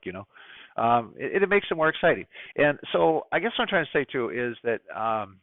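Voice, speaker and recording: A middle-aged man talks casually to a ham radio club, chatty and opinionated, with lots of asides and fillers. His voice sits at an ordinary pitch. The sound is dry and narrow, like a phone line. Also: animated, quick pace, no room sound. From United States. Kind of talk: casual presentation talk.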